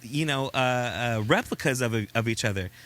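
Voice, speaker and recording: A man's voice: mid-range voice, expressive, moderate pace, a bit bright. A man in his thirties co-hosting a casual podcast, giving earnest relationship advice and acting out talks with his wife. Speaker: podcast co-host.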